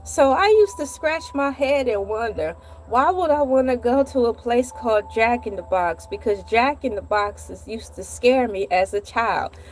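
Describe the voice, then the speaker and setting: A woman's voice: a little high, measured pace, few pauses, a little hiss or hum. Playful woman hosting a comedy vlog. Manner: animated, playful, dramatic asides. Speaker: vlog host. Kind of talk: comedic storytelling monologue.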